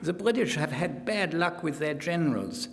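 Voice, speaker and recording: A man's voice: lively intonation, normal speed, vocal fry, faint music behind. A man reading quotations in a mock German accent, voicing a gloating middle-aged German wartime official reading from his diary. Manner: emphatic, raised pitch. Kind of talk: lecture quotation read in character. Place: conference hall. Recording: hall reverb, faint room noise.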